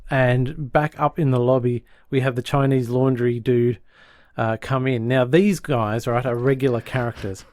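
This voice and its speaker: A man co-hosting a podcast, recapping a sitcom plot in lively casual chat and dropping into quick voices for the characters. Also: medium pitch, no room sound, studio quality. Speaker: podcast co-host.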